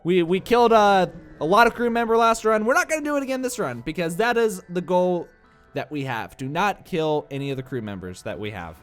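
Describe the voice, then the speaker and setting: A young man with a Midwestern accent rambles through casual let's-play commentary, tossing in filler uhs and jokes at his own expense. His voice is smooth and clear, sitting a little higher than most men's, and slightly congested from allergies. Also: lively intonation, brisk, a bit bright, faint music behind. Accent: Midwestern American. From American Midwest. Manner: rambling, self-mocking, many filler uhs. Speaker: gameplay commentator.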